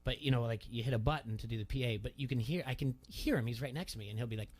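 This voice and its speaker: A middle-aged man hosting a casual sports radio talk show, telling a story and getting animated when he quotes people. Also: mid-range voice, very fast. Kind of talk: casual chat.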